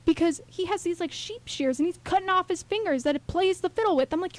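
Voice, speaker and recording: A young woman co-hosting a radio show, talking in an animated, rambling way full of fillers. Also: very high voice, fast talker, hardly any pauses. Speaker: radio co-host. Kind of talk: casual radio chat.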